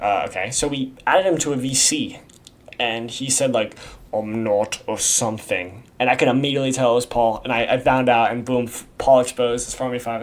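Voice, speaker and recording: A young man giving casual, rambling commentary for his video, slangy and swearing often. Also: mid-range voice. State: has the hiccups. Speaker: YouTube creator explaining a community iceberg.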